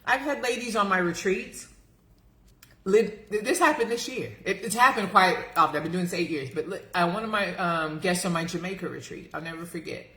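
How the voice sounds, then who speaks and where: Energetic woman coaching on a live stream. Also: fairly low pitch, a little fast. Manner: energetic, emphatic, addresses viewers as girlfriends. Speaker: life coach for women over 40. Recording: roomy echo.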